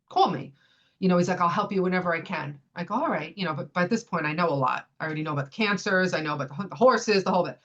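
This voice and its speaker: A woman in her fifties tells a personal story on a podcast. Her voice sits low, and she acts out other people's lines as she goes. The audio is a bit dull and lo-fi. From United States. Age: 50s. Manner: animated retelling, acts out what others said. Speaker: podcast guest.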